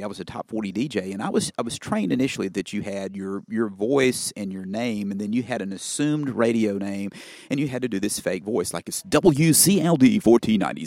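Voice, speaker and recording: A middle-aged Southern man, a family doctor from Mississippi, answers interview questions with easygoing anecdotes and folksy asides. His voice sits fairly low, and it is recorded close and dry with no room sound. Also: darkish tone, dry recording. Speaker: family physician and broadcaster.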